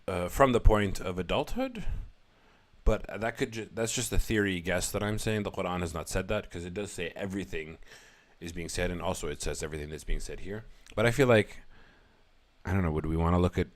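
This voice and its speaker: A man's voice: low-pitched, lively intonation, normal speed. A man giving casual verse-by-verse scripture commentary, thinking aloud with light self-deprecating humor. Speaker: religious commentator.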